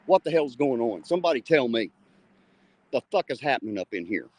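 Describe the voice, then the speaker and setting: A livestream host, angry and indignant, rants loudly from his car on his phone, letting out a stream of curses. His medium-pitched voice is sing-song and fairly quick, with no echo.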